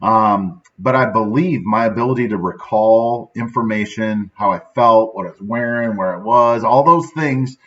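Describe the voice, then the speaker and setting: A man's voice: lowish voice, normal speed, hardly any pauses, fairly bright tone. Upbeat man rambling with a muffled sound. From central Illinois. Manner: rambling, upbeat, often adds "right?". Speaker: host of a daily motivational show. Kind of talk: casual motivational talk. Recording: slightly dull, lo-fi sound.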